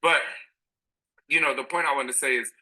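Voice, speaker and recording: A fitness trainer and host chats openly in a lively, animated way and now and then turns emotional. His voice is very bright and forceful. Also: medium pitch, a little fast, rough recording. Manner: candid and animated, sometimes emotional. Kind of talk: casual podcast chat.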